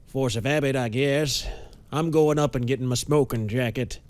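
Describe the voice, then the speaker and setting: A man voicing a haunted, frightened millionaire in an audiobook, with a hoarse, rasping voice and slow, pained speech. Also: mid-range voice, darkish tone, lightly acted. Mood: gruff casual. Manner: speaks slowly and painfully. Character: rich middle-aged male millionaire, haunted and frightened.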